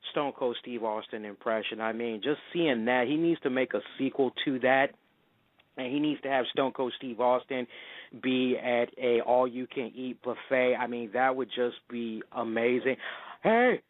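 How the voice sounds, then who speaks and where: A man hosting a casual wrestling talk show, excitable and quick to slip into loud put-on voices. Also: medium pitch, dry recording. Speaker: podcast host. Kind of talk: casual radio-style chat. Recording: tinny phone-line sound.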